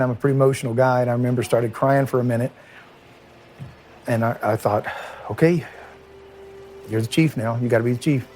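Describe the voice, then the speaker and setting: Emotional retired police chief, halting. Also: male voice, mid-range voice, creaky, darkish tone, slight background noise. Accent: Kentucky. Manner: halting, emotional, many restarts and trailing off. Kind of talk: recorded interview recollection.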